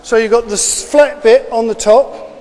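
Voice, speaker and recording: A man, a teacher, giving a class of children step-by-step instructions in a brisk, encouraging way that repeats each step. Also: very high voice, fairly even intonation, a little mellow, big-room sound.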